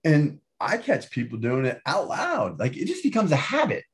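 A man talking as an interview guest and author, emphatic and animated, often tagging his points with "right?". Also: a little high, normal speed. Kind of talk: casual interview talk.

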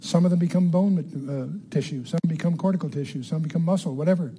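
A man's voice: fairly high pitch, fast talker, dark tone, a little hiss or hum. Older man teaching Bible with emphasis. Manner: emphatic, repeats key words, asks the audience questions. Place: room with a live audience.

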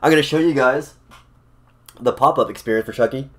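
A man vlogging casually to camera, excitable and rambling, often repeating himself and restarting sentences. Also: medium pitch, brisk. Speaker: theme park vlogger. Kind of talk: casual vlog talk to camera.

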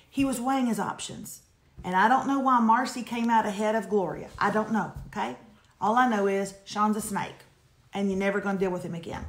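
A woman co-hosting a casual live advice chat, talking in a sassy, emphatic, animated way. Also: medium pitch. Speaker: co-host giving advice. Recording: echoey room.

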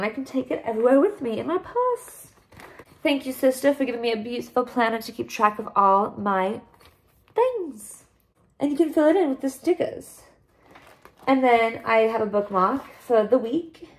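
A young woman chatting casually to the camera for her vlog, bubbly and rambling. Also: on the high side. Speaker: vlogger.

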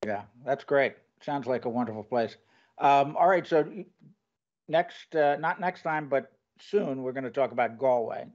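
A man hosting an interview show, enthusiastic and quick to laugh as he asks his guest questions. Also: mid-range voice, lively intonation, darkish tone, lo-fi sound. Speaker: podcast host. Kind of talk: conversational interview.

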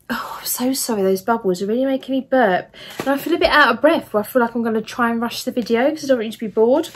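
Her voice a little high, with a slight hiss or hum in the recording, a young woman raves about the gifts she received. She's chatty and excited, sprinkling in fillers as she shows off her haul on camera.

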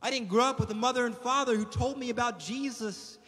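A man's voice: extremely high pitch, brisk, bright, forceful tone. A man preaching a sermon as pastor, impassioned and building in intensity. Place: church sanctuary. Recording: long reverb of a church hall.

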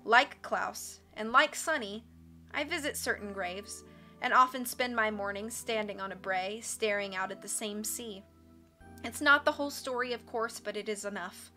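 A woman reading a book aloud on a live stream, with expressive narration and casual asides to her chat. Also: mid-range voice.

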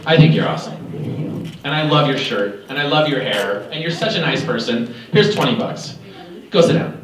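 A man giving a playful, animated motivational talk to high school students at an assembly. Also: normal speed, slight background noise. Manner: playful, animated, talks straight to the audience. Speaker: motivational speaker. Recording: echoey hall, voice from far off.

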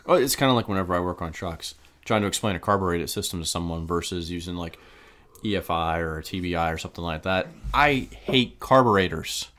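A man's voice: low-pitched, steady tone, fast, fairly bright tone. A man co-hosting a podcast, talking bluntly and passionately in a casual rant. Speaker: podcast co-host. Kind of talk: casual ranting chat.

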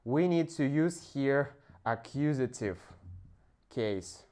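A male language teacher talks through a pronunciation lesson at an unhurried, drawn-out pace. His English halts often on "uh" as he searches for words, in a mid-pitched voice. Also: expressive, a little mellow. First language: Russian. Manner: slow, halting explanations with frequent "uh" pauses.

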